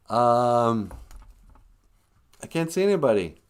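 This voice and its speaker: A man hosts a livestream, talking casually and telling rambling, jokey stories. His pitch moves a lot, rising and falling through each story. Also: animated, unhurried, pauses often. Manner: rambling, jokey, acts out voices. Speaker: livestream host.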